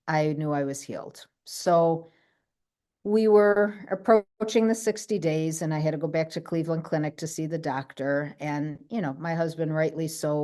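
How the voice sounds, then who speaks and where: A woman telling a personal story on a video call, animated, often checking in with "right?" and acting out what others said. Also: low-pitched. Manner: acts out other people's quoted lines. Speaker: guest speaker. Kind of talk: personal story in an online talk.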